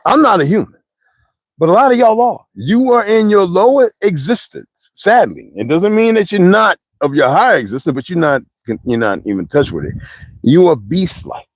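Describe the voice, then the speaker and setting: A man's voice: high voice, sing-song, normal speed. A man rants straight at his audience, blunt and profane, rambling from one story to the next in thick slang. The sound is close and dry, with no room echo. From United States. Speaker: streamer ranting to viewers. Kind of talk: profane monologue to camera.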